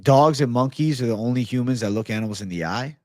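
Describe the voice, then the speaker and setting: A young man hosting an MMA livestream, chatting casually and reading comments in a profane, excitable bro style. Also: medium pitch, fast, dry recording, clean studio sound. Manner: profane, excitable, laid-back bro talk.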